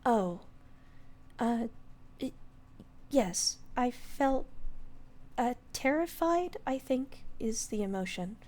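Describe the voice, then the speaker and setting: A woman's voice: on the high side, animated, voice pushed up. Woman doing a timid little fairy girl. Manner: hesitant, halting, soft.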